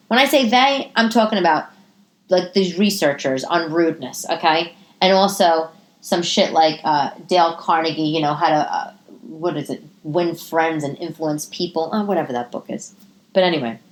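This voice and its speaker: Woman podcast host, casual solo monologue, expressive and profane, with big jumps up into high exclamations. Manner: animated and profane, pitch swinging up into high exclamations. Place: living room.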